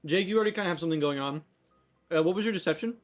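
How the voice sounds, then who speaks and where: A young man with a fairly high voice acts as game master for a tabletop session. He talks loosely and jokes around, often laughing between rulings and questions to his players. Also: very fast, soft background music. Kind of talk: running a tabletop game, casual chat.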